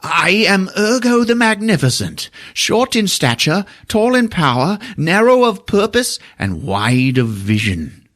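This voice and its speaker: A man's voice: high-pitched, big pitch swings, a little slow, a bit bright, voice pushed up, exaggerated voice. A man voicing a pompous, cowardly little male wizard, theatrical and indignant.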